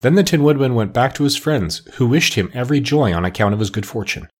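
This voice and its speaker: A man narrating a classic children's novel as an audiobook, in a measured, expressive storytelling manner. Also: medium pitch, breathy edge. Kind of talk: scripted narration.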